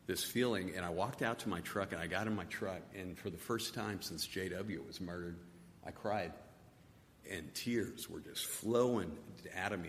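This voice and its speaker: A middle-aged man giving a personal testimony, halting and soft-spoken, often repeating his words. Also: low-pitched. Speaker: testimony speaker. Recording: long hall reverb, faint noise.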